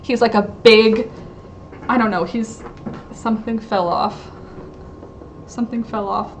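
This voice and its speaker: A woman's voice: a little high, fairly even intonation, unhurried, a little hiss or hum. Chatty woman rambling on a livestream. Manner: rambling, chatty, self-interrupting with frequent fillers. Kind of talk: casual live-stream chat.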